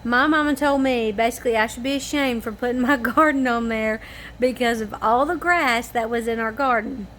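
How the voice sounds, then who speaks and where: A woman's voice: on the high side, steady tone, moderate pace, fairly bright tone, a little hiss or hum. A tired woman chatting casually to camera at home in the evening, rambling in a homespun way. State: tired and yawning. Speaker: family vlogger.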